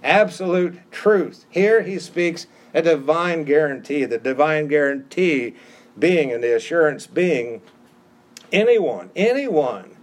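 A man's voice: fairly high pitch, a little slow. Emphatic male pastor preaching a sermon. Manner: emphatic, repeats key phrases; conversational asides.

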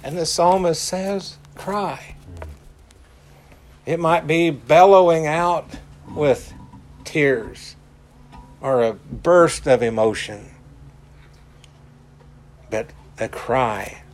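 A man preaching a sermon in a deliberate way, stressing his points by repeating key words. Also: a little high. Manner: slow, deliberate, emphatic repetition.

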